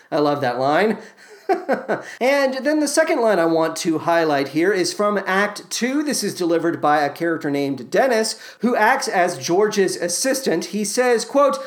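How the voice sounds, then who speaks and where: A man's voice: sits high, big pitch swings, a little slow. A man hosting a scripted theater review podcast, reading his notes with wry, sarcastic asides. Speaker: podcast host.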